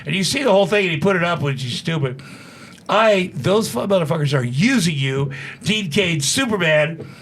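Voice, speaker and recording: A man in his sixties telling a story as a studio guest, profane and animated, acting out what people said. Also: a little high. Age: 60s. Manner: profane, animated, fast-talking storyteller who acts out quotes. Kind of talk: casual storytelling.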